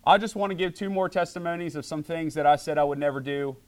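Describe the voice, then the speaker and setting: A middle-aged man delivers a sermon from the pulpit. He speaks in a fairly high voice and stays animated, acting out what people say as he tells stories to his congregation. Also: fast. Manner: animated, acts out voices in quotes. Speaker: pastor.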